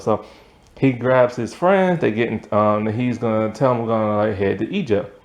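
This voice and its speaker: A man's voice: mid-range voice, lively intonation, unhurried. A man casually reviewing a cartoon episode, rambling with many "like" fillers, sleepy late at night. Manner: rambling, filler-heavy with frequent "like".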